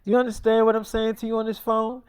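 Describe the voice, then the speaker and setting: A woman's voice: fairly high pitch, level tone, fast talker, smooth, natural voice. A woman voicing a furious, foul-mouthed middle-aged mother who scolds and threatens.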